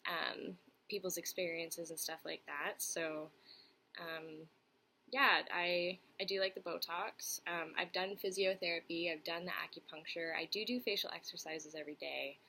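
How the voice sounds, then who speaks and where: A woman's voice: lowish voice, fairly even intonation, normal speed, sharp tone, a little hiss or hum, poor audio. A young woman chatting candidly to camera, answering viewer questions with lots of fillers and restarts. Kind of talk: casual chat to camera.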